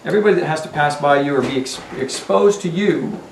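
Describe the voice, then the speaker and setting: A man's voice: a little high, fast talker, a crowd in the background. A male dog trainer speaking emphatically to a dog owner in a home, often checking in with "Okay?". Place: indoors in a home. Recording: echoey room with faint ambience.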